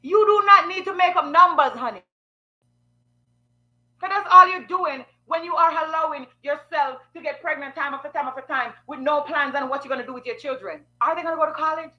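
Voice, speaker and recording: Woman, high bright voice, sassy, preachy, blunt advice, rhetorical questions. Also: brisk, highs cut off. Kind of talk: frank advice monologue.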